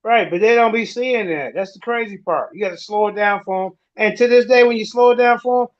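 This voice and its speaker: Male host, high voice, deliberate delivery, dry and muffled sound. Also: no room sound. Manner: deliberate, addresses the audience. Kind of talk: casual livestream talk. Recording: dull lo-fi audio.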